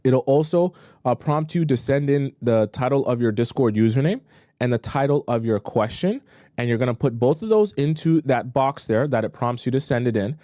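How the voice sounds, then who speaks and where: Male live-stream dating coach, warm mellow tone, emphatic and repetitive, dry close mic. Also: medium pitch, expressive, moderate pace, dry recording. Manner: emphatic, repeats points for stress. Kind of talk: casual live-stream advice talk.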